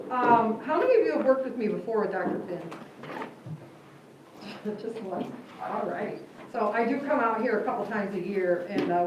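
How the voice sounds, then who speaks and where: A woman's voice: on the high side, muffled recording. A woman giving a classroom workshop as guest speaker, upbeat and joking while she gives directions, recorded from a distance in a classroom. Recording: echoey room from far off with hiss.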